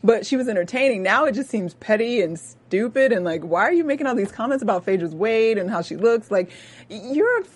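Husky-voiced woman, emphatic and opinionated. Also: lively intonation, fairly quick. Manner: emphatic and opinionated, pitch jumping up when riled. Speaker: co-host. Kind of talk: casual chat recapping a TV episode.

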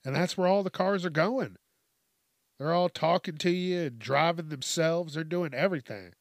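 A man's voice: a little high, moderate pace, no room sound, studio quality. A man hosting a comedic news commentary, ranting with lots of swearing and frequent laughter. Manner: profane, ranting, laughs often. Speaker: host.

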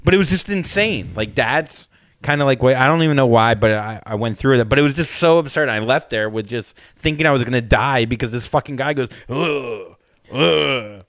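A man's voice: mid-range voice, brisk, fairly bright tone, no room sound. A comedian in his late thirties hosting a podcast, telling a rambling, self-mocking story in casual chat. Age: late 30s.

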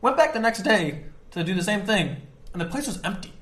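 Fast-talking young man in an echoey room. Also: sits high. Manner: fast, energetic, filler-heavy with frequent "like" and "dude". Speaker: podcast co-host. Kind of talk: casual faith podcast chat.

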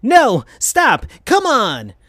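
A man's voice: very high voice, huge pitch swings, moderate pace, a bit bright, voice pushed up, exaggerated voice. A man voicing a hot-headed teenage hedgehog boy with a yelping, outraged delivery in a comedic fan-fiction reading.

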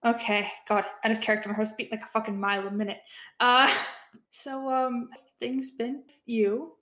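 A woman's voice: a little high, flat delivery, moderate pace, fairly bright tone, reverberant, poor audio. Hesitant woman playing a tabletop game. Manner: hesitant, laughing, lots of fillers and restarts. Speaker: player. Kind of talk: tabletop role-play.

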